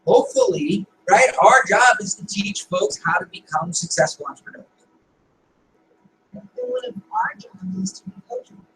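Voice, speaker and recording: A man's voice: high voice, wildly swooping pitch, moderate pace. A man coaching a group in a meeting, firing off rhetorical questions and checking in with "right?" after his points. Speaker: business coach leading a meeting. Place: meeting room. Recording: echoey room, distant mic, faint noise.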